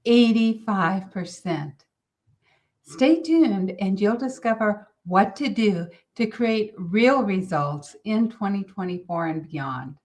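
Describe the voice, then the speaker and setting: A middle-aged woman from California hosting a motivational business podcast, telling a family story with lively, animated delivery. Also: medium pitch, slow pace, hardly any pauses. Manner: storytelling, animated, quotes others in character. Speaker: podcast host.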